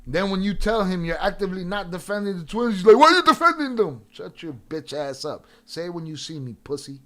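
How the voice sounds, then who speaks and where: A man's voice: sits high, steady tone, fairly quick. A man hosting a livestream, arguing with viewers in chat in a profane, confrontational way. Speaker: livestream reaction host.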